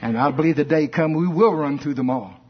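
A man preaching a folksy, animated sermon that rises to shouts at its peaks. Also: on the high side, fairly quick. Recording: dull lo-fi recording.

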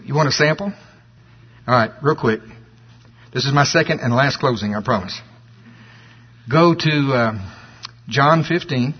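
A man preaching a sermon, reading scripture slowly and stressing key words, turning animated when he makes a point, from a dull old sermon tape. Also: medium pitch, husky.

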